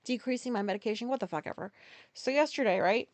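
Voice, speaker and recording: A woman's voice: fairly high pitch, fast, no echo. A woman hosting a casual solo podcast, rambling through a story with profane, self-deprecating asides. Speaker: podcast host.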